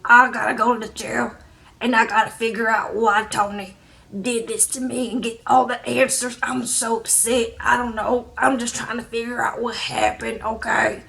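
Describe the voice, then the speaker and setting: An upset woman whines in slow, drawn-out phrases, mimicked by a female vlogger in her own voice. She sounds worn out. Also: a little high, flat delivery, vocal fry, fairly bright tone. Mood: whiny.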